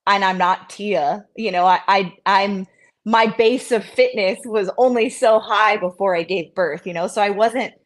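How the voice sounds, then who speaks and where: Woman in her thirties, interview guest, casual chat, animated, self-mocking, mid-pitched. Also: measured pace. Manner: animated, self-mocking, acts out quotes in a higher voice. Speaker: interview guest, CrossFit athlete.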